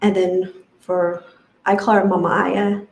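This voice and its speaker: A woman's voice: mid-range voice, flat delivery, measured pace, reverberant, poor audio. A woman sharing a personal story in an emotional, rambling way, with many fillers. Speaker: retreat guest sharing her experience.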